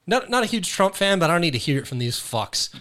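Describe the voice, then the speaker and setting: A man's voice: sits high, big pitch swings, fast, fairly bright tone. An American man hosting a casual podcast chat, swearing freely and reading out news items. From United States.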